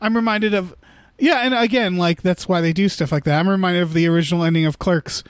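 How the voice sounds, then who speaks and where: A man's voice: sits high, fast, clear, resonant tone. A man co-hosting a podcast, rambling casually about a film and acting out quotes in funny voices. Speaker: podcast co-host. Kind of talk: casual movie discussion.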